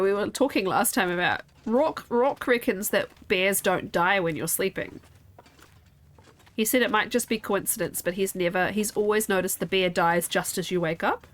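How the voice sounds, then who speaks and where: This young woman's mid-range voice sounds a bit bright. Streaming a game while sleepy and yawning, she chats casually and rambles to her viewers, talking straight to chat in relaxed gameplay conversation.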